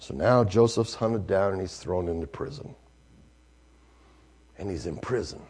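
A male preacher, telling a story in a sermon, swinging from hushed to loud. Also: low-pitched, a little slow, breathy edge.

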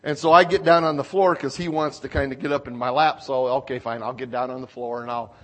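A man preaching a sermon from a church stage, telling a homely story, acting out quotes and often clearing his throat. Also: medium pitch, steady tone, fast. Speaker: pastor.

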